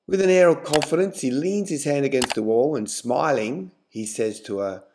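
A man narrating a scripted joke in a measured storytelling manner. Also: mid-range voice, a little mellow. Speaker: joke teller.

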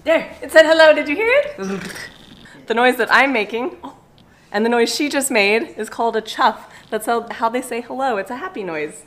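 A woman's voice: a little high, moderate pace, a bit bright, slight background noise. A woman hosting a casual vlog at an animal park, chatting bubbly to the camera and cooing and squealing at baby animals.

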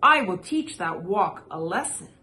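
Storybook figure: a spoiled, indignant rich lady, shrill and loud, as a woman reader puts her on. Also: sing-song, a little slow, a little hiss or hum, heavily acted.

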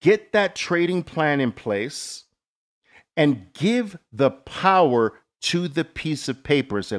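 Animated, emphatic middle-aged man coaching. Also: on the high side, takes it slowly. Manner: emphatic, motivational, dramatic storytelling. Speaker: trading coach host. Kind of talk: live Q&A coaching talk.

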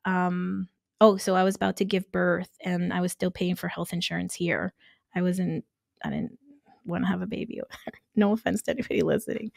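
A woman who grew up in Nicaragua, telling her story as a podcast guest, animated and laughing often as she acts out quoted dialogue. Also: on the low side, gravelly, no room sound, studio quality. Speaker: guest, construction entrepreneur. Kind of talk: casual storytelling interview.

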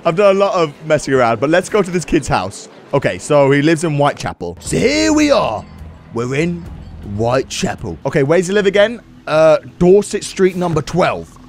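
A man's voice: a little high, expressive, a little fast. A man in a let's-play commentary, goofy and joking, putting on a British accent and silly voices. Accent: British put-on. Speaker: gaming video host. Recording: commentary over game music.

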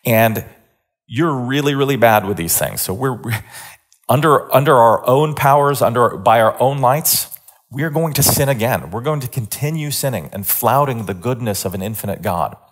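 A man giving a sermon-style lecture, earnest, often repeating words and pushing his voice up and louder to stress a point. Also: expressive, normal speed. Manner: earnest, builds emphasis with rising pitch and volume.

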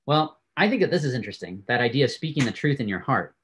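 Animated male Bible class teacher. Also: mid-range voice, quick pace, a little hiss or hum. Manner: animated storytelling, frequent laughs.

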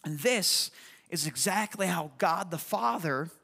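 A man preaching a sermon, telling a personal story in an animated, chatty way with lots of fillers. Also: sits high, measured pace, gravelly, breathy edge. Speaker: pastor. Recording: long hall reverb.

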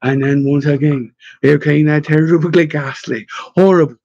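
A man reading a story aloud in measured, expressive narration. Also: fairly high pitch, vocal fry, no echo, muffled recording. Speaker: audiobook narrator. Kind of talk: scripted narration.

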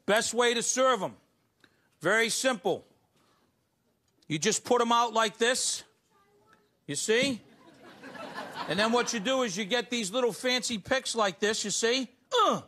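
A man's voice: very high-pitched, a little slow, long pauses, pushed and bright. A middle-aged man hosting a live cooking show, talking emphatically and coaxing the audience with repeated "okay?" and "you see?". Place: TV studio kitchen with live audience. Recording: studio audience and background noise.

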